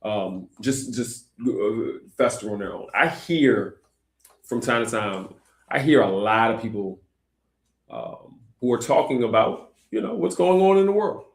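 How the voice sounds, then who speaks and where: A man's voice: mid-range voice, lively intonation, a little slow, creaky, echoey room. A man hosting a Christian discussion show, talking earnestly with many fillers and restarts. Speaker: host.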